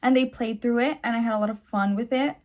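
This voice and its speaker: A woman's voice: on the high side, fast, darkish tone. Chatty young woman, phone-recorded vlog. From Mexican heritage. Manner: chatty, filler-heavy, enthusiastic. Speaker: channel host. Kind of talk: casual reaction vlog.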